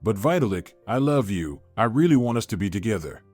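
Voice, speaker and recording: A man's voice: fairly low pitch, big pitch swings, a little fast, darkish tone, no echo, soft background music. A man voicing a whiny, pleading young woman who is having an affair, in a story narration.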